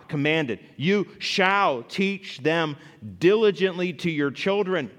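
A male pastor preaching a sermon, animated, rising loud for emphasis and dropping low to read scripture. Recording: long reverb in a large hall.

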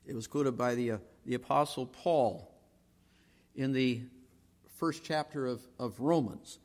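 A man preaching a sermon as pastor, measured, slowing down to stress each verse he quotes. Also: medium pitch, a little mellow. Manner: measured preaching with slow emphatic quoting of verses. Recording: long hall reverb.

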